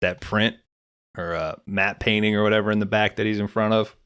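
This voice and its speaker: A man's voice: lowish voice, fairly even intonation, a little fast, a bit bright, smooth, no echo, studio quality. A man co-hosting a movie podcast, casually recapping scenes and swearing freely. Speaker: podcast co-host.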